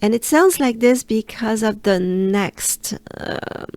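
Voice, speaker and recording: Slow, patient French woman coaching pronunciation. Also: fairly high pitch, expressive, a little mellow, no echo. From France. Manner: patient, repeats syllables slowly and leads the listener along. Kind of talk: slow, drilled pronunciation lesson.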